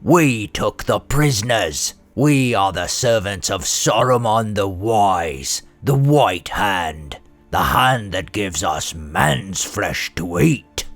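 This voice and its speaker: A man's voice: on the low side, animated, slow pace, a bit bright, soft background music, voice pushed down, full character voice. A man voicing a boastful, brutish male orc warrior captain with a growling, domineering delivery.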